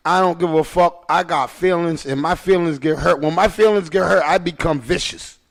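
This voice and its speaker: A man's voice: fairly high pitch, normal speed, soft background music. A man hosting a casual podcast who rambles emphatically and swears freely. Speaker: podcast host. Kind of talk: casual chat.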